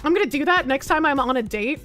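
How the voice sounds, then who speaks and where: A woman's voice: high-pitched, animated, fast, a bit bright, soft background music. A young woman streamer reading an article aloud and reacting with blunt, sarcastic, swearing commentary.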